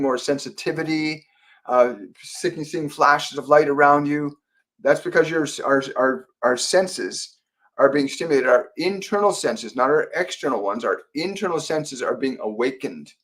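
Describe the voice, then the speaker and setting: A Canadian man with a mid-range voice hosts a live psychic Q&A stream as a medium. He speaks gently, relaying messages with frequent fillers and repeated phrases.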